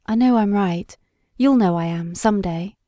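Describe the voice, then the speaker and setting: A pale, frail young Victorian lady speaks up higher and trembling but determined, as a woman reader puts her on. The storybook reading is dry and close-miked. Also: measured pace, mellow, no echo, close to an everyday voice. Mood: distressed protest. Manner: higher, trembling, passionate protest.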